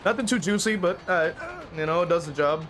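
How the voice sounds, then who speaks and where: A man's voice: sits high, fast talker, music in the background. A man giving casual, profane commentary while playing a game, rambling with fillers and getting frustrated. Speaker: streamer playing a killer.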